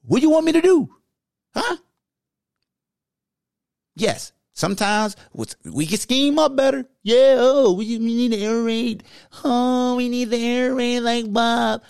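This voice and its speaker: A man in his forties hosting a sports podcast, ranting loudly in slangy talk and arguing back and forth with himself. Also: very high voice, lively intonation, measured pace, creaky, smooth, dry recording, clean studio sound. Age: 40s. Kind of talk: heated sports rant in an alter-ego persona.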